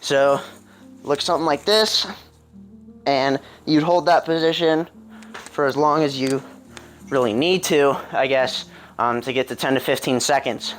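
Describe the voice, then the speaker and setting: A young man giving a casual fitness tutorial at home, rambling with many ums and throat clears. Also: mid-range voice, fairly even intonation, unhurried, pauses often, faint music behind. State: a little out of breath. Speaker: calisthenics coach. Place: home with a pull-up bar.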